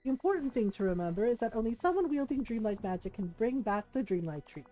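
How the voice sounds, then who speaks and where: A condescending, sharp-tongued schemer, read aloud by a woman from a video game. Her voice sits high and sneers through every line. Soft game music plays faintly behind her. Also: very animated, fast talker, muffled recording. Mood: smug.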